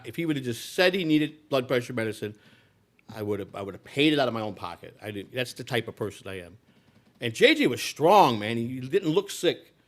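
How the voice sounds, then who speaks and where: An older man in his sixties gives a live speech, telling a personal story in a loose, rambling way. He restarts and repeats himself often, in a middle-pitched voice. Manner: rambling, with many restarts and repetitions. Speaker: political candidate.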